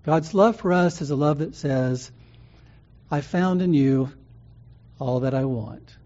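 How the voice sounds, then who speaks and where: A man's voice: fairly high pitch, takes it slowly, mellow. A man preaching a sermon as pastor, teaching in a conversational way with frequent ums and restarts. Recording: muffled lo-fi sound.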